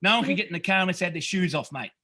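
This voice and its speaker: Racing along in a high, sharp-toned voice, a middle-aged Australian guest on a podcast tells his emotional story. The retreat founder is earnest but rambling, restarting again and again, swearing plenty and calling people mate.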